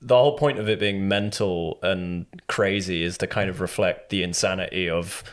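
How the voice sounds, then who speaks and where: A man's voice: deep voice, moderate pace. A man co-hosting a film podcast in casual chat, talking in a thoughtful, analytic way with hesitant restarts. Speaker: podcast co-host.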